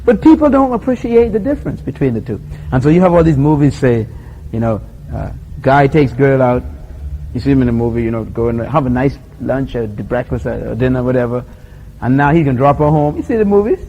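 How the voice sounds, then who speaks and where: A man's voice: medium pitch, brisk, a little hiss or hum, rough recording. A middle-aged man with a Bahamian accent, preaching a sermon and acting out little scenes, laughing often as he tells them. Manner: animated storyteller, acts out voices, laughs often. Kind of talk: sermon with acted-out anecdotes.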